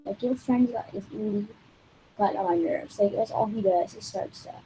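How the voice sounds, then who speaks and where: A woman's voice: on the high side, normal speed, dark tone, slight background noise, rough recording. A woman vlogger telling a rambling, exasperated story in casual talk, full of swearing and "like". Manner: rambling and profane, heavy use of "like".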